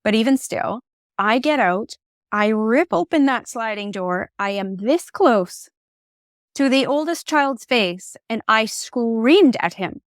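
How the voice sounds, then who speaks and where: Expressive middle-aged woman, dry close sound. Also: fairly high pitch, slow, no room sound. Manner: animated, expressive, candid. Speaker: podcast guest. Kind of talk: conversational storytelling. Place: podcast conversation.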